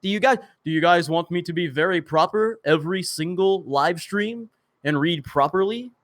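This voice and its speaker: Reading out comments from viewers on a laid-back live stream, this young Southern US drawl speaker hurries along, tripping over words and starting again. He laughs at his mistakes in a jokey, self-deprecating way, his voice high, bright and forceful.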